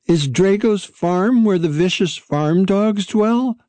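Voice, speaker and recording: A man's voice: sits high, slow, dark tone, dry recording, pitched above the performer's own voice. A man voicing a young male dog who is nervous and eager to please, speaking politely and carefully.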